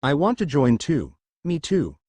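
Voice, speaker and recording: A man's voice: fairly high pitch, big pitch swings, a little slow, no room sound. A man reading the lines of a teasing, affectionate young hero in a storybook narration. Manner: warm, teasing.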